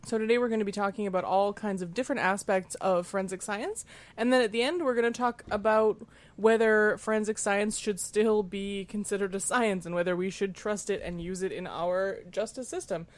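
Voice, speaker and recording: A woman's voice: mid-range voice, a little fast. A woman hosting a casual panel chat, chatty and self-mocking, with frequent filler words. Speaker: podcast host.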